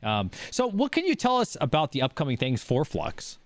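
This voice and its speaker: A man hosting a casual call-in show, enthusiastic, with quick upbeat reactions. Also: a little high, wildly swooping pitch, dry recording. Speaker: show host.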